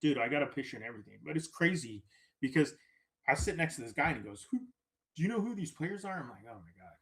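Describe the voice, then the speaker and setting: A man as a podcast guest, telling a story in a casual, animated way, acting out quoted lines and often tagging "right?". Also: on the high side, fast talker.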